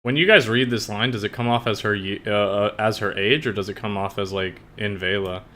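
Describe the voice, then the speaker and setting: A man with a fairly low voice and a bright, forceful tone. He talks casually and thinks aloud while editing, rambling and hesitant, often circling back to restart his sentences. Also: fairly even intonation, a little fast. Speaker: streamer editing his own story.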